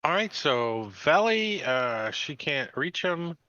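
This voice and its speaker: A man running a tabletop game as game master, easygoing and pausing with fillers. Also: a little high, very animated, pushed and bright, dull audio.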